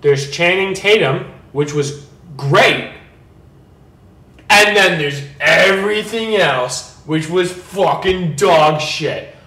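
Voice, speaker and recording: A man's voice: high voice, takes it slowly, pushed and bright, echoey room. A tipsy man giving a casual movie review, rambling, emphatic and full of profanity.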